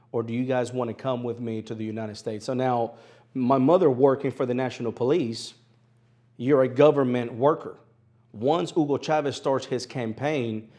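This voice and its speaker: A man in his thirties from Venezuela tells his story in an interview, his Spanish accent softened by a country twang. He speaks at a middling pitch. He repeats phrases for emphasis and laughs easily. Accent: Venezuelan Spanish with an East Tennessee twang. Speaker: interview guest, sports broadcaster.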